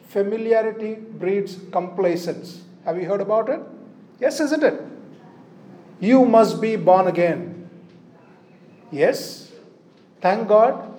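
High-voiced preacher man, mellow tone. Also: reverberant. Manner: asks "isn't it?" tag questions often; reads scripture aloud in a slow, measured way. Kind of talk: sermon with Bible reading.

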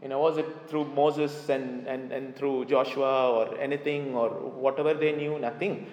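A man's voice: mid-range voice, steady tone, normal speed, a little mellow, lo-fi sound. A man preaching a sermon emphatically, repeating key phrases to drive them home. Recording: echoey hall reverb.

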